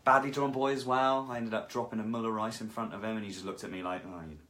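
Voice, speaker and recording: A man's voice: mid-range voice, little pitch movement, quick pace, sharp tone, a little hiss or hum. A man, a guest at home, telling rambling, self-deprecating anecdotes. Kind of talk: casual chat. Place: his home.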